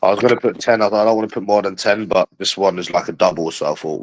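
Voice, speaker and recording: A man's voice: deep voice, quick pace, poor audio. A man in a profane, rambling livestream chat, calling his viewers bro and mate.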